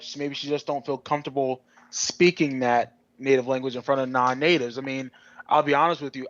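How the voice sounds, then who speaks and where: A man co-hosting a podcast in casual discussion, animated and rambling with many restarts. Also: medium pitch, dry recording, highs cut off. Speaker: podcast co-host.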